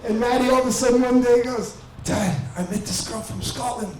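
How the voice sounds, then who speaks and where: A man's voice: very high-pitched, a little fast. An older man from New York, the father of the groom, giving a rambling, folksy wedding speech. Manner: rambling, folksy, warm-hearted. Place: wedding reception hall. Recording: echoey hall from far off, crowd noise.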